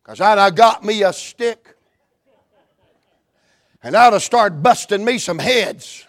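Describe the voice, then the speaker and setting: A man with a Southern US accent preaching a fervent revival sermon in a church, moving from hushed talk to shouts. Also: high voice, lively intonation, takes it slowly, dry recording, studio quality.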